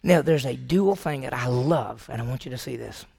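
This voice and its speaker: A man's voice: medium pitch, moderate pace, creaky, darkish tone, husky, no echo, clean studio sound. A middle-aged male pastor preaching a sermon, asking his congregation questions and answering them himself, acting out quoted voices.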